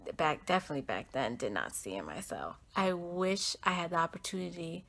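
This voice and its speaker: A woman's voice: fairly low pitch, lively intonation, a little fast, a bit bright. A young American woman hosting her own podcast, telling a heartfelt personal story in a rambling, earnest way full of "like" and "um". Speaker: podcast host.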